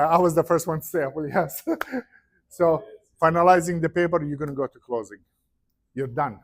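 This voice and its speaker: Guy, real estate talk, super animated, slips into other people's voices. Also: on the high side. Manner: animated storyteller, acts out quoted voices. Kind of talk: seminar talk to an audience.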